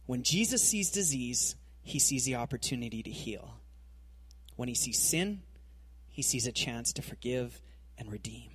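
A man preaching a conversational sermon, telling the story in a casual, animated way with a husky voice. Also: medium pitch, a little slow.

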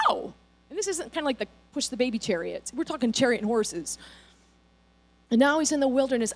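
High-voiced woman preaching a lively sermon. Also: brisk. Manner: animated storytelling, acts out characters' lines. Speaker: pastor.

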